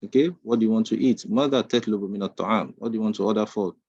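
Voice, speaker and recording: Male language teacher for an online class: low, patient, clear explanations, dull lo-fi call audio, dry. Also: darkish tone, dry recording. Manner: patient, explains slowly in English between Arabic drills. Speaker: Arabic teacher.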